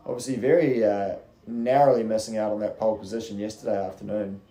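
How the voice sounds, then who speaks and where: A man's voice: lowish voice, fairly even intonation, fast, warm tone, echoey room. A young man giving casual, rambling race commentary on a live stream, chatty and swearing freely.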